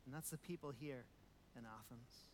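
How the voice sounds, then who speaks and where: A man's voice: mid-range voice, moderate pace, slight background noise. A man preaching a sermon, emphatic, repeating phrases and asking rhetorical questions.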